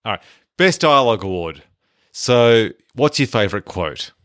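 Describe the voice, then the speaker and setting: A man's voice: on the low side, animated, moderate pace, a bit bright, no echo, clean studio sound. A man co-hosting a casual movie podcast, laid-back and jokey as he hands out awards. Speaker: podcast co-host.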